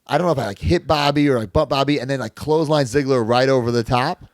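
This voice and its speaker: A man's voice: medium pitch, fast talker, dry recording. Podcast co-host, male, casual and profane, loose storyteller, dry sound. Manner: rambling, profane storytelling with filler "like".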